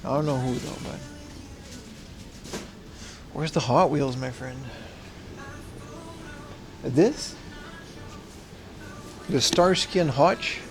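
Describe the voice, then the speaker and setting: A man's voice: medium pitch, very slow, pauses often, music in the background. A man casually chatting on a livestream as he browses a secondhand shop, slangy and talkative, answering his chat.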